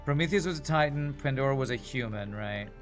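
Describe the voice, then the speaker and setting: A man giving casual gameplay commentary on a stream, musing and rambling as he plays. His pitch sits in the middle range. Faint music plays under his voice. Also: fairly quick.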